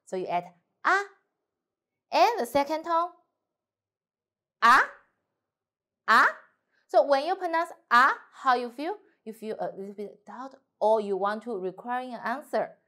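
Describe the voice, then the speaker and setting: A woman's voice: on the high side, lively intonation. A young woman with Mandarin as her first language, teaching a Mandarin lesson in English, drawing out exaggerated tone demonstrations. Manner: slow, exaggerated tone demonstrations with non-native English grammar.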